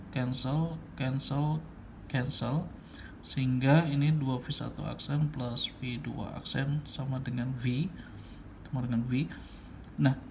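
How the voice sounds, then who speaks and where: A man with an Indonesian accent talks through a physics exercise at a slow, deliberate pace, with a gravelly, rough edge to his voice. He keeps stopping to think aloud, filling the gaps with "uh" and "yeah," and moves back and forth between English and Indonesian. Faint noise runs under the recording. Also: mid-range voice, a little mellow. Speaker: physics tutor. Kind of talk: worked-problem explanation.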